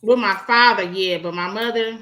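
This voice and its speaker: A woman's voice: mid-range voice, moderate pace, a bit bright. A woman co-hosting a casual chat, blunt and outspoken. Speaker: podcast co-host.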